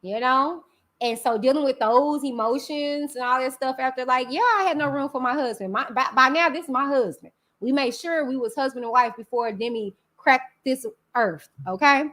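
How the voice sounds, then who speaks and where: This live stream host, a woman, has a bright-ish voice that sits high, and she speaks at a moderate pace. She talks to her viewers, whom she calls y'all, in a candid and emphatic way.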